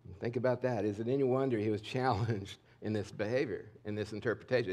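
A middle-aged male pastor preaching a sermon in a candid, conversational way, swinging between emphatic and hushed lines. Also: lowish voice, steady tone, fast talker. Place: church sanctuary.

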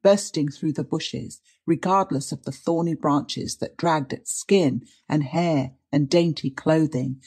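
A woman reading a period mystery story aloud in a measured, dramatic narration. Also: deep voice, darkish tone, husky. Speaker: audiobook reader. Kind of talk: scripted narration.

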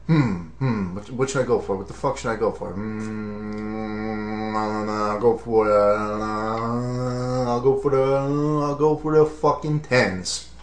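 A man's voice: on the low side, fairly even intonation, slow pace. A man voicing a weary, grumbling male president at the gym, drawling and profane. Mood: pondering. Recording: roomy echo.

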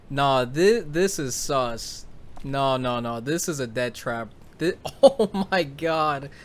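A man's voice: on the high side, a little hiss or hum. A young man giving jumpy, laughing, slang-filled commentary while playing a horror game. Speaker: gaming YouTuber.

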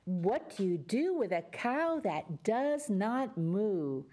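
Slow, sing-song woman reading to kids. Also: medium pitch, big pitch swings, dark tone. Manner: sing-song, coaxing children to join in; animal sounds and call-and-response. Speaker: children's storyteller host. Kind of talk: reading a picture book aloud to children.

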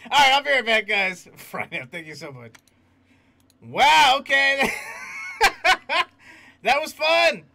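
A male stream host talks loosely with his viewers, laughing as he reads their messages out. His voice sits very high and has a gravelly edge. It is bright and sharp. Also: expressive, takes it slowly, pauses often. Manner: laughs often, reads chat aloud. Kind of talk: casual livestream chat.

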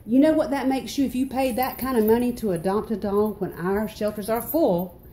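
A woman from North Carolina with a Southern accent, telling a story in a casual vlog and ranting with loud exclamations. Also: normal speed, slight background noise. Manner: animated, exclamatory, swings into high outbursts. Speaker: vlogger.

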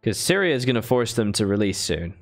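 A man's voice: fairly low pitch, very animated, a little fast, faint music behind. A man live-streaming a strategy game, thinking aloud in a chatty way and thanking viewers with bursts of enthusiasm. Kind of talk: casual live-stream commentary.

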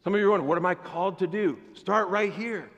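A man preaching a sermon as pastor, animated and conversational, with playful asides to the congregation. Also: high voice, quick pace, in a large hall, lo-fi sound. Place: church sanctuary.

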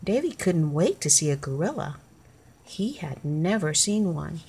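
Brief: a woman reading a children's book aloud, low voice, slow and clear. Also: very animated, a little mellow, slight background noise. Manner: clear, deliberate. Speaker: storybook reader.

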